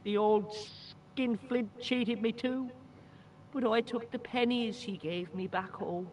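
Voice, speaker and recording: An actor playing a cheeky, boastful young Irish boy in a game, with a high, boyish, chirpy way of telling tales. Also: steady tone, slow pace. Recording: game audio with music behind.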